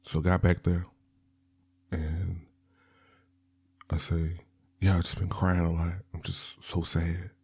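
A man's voice: deep voice, completely flat delivery, slow, vocal fry, long pauses, a little mellow, breathy edge. A man hosting a podcast, telling a personal story in a candid, rambling way. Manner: candid, rambling, with laughs and restarts. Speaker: podcast host.

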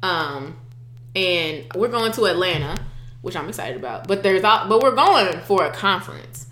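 A woman in her twenties co-hosting a casual chat, animated and playful, often acting out what others said. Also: fairly low pitch, normal speed, roomy sound. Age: 20s.

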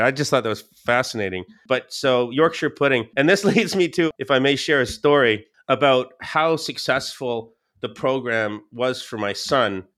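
A man, a podcast guest, telling stories in a lively casual way, often laughing and repeating words. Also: medium pitch. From Scottish-English family. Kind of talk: casual storytelling.

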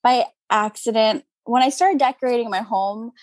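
This young adult woman, a crystal seller, chats as a guest in a casual interview at a moderate pace. She's upbeat with a fairly high pitch, laughs often, and fills her speech with "like" and "you know." There's no echo.

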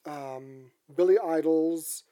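A woman's voice: sits low, slow pace, warm tone. A woman co-hosting a podcast, from Canada, telling rambling stories in casual chat with frequent restarts.

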